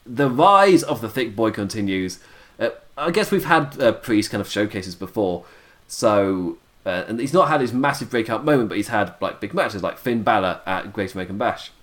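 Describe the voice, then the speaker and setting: A man's voice: lowish voice, expressive, moderate pace, fairly bright tone. A tired man hosting a casual podcast, chatty and laughing often, his voice wearing out. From United Kingdom. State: tired, voice going. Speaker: podcast host reviewing wrestling. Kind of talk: casual chat.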